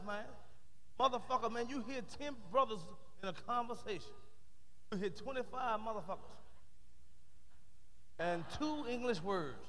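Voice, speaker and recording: A man's voice: extremely high pitch, pushed and bright. A man doing live stand-up comedy on stage, with a punchy, heavily profane delivery.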